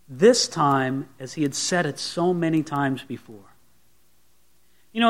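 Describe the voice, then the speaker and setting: High-voiced pastor preaching dramatically. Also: male voice, a bit bright. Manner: dramatic, acts out the scene in voices. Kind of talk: sermon.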